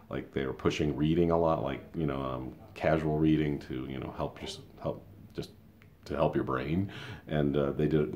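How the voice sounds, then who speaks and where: A man's voice: extremely low pitch, mellow. A man in his fifties giving a rambling, conversational opinion monologue with many asides. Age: 50s. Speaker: school paraprofessional and show host.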